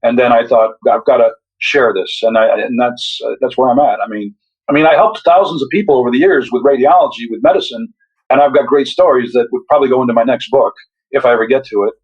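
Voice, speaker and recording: A man's voice: medium pitch, fast, slightly rough, dull audio. An older man, a guest on a podcast interview, speaking reflectively with hesitant restarts. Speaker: author and retired radiologist guest. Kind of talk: casual interview chat.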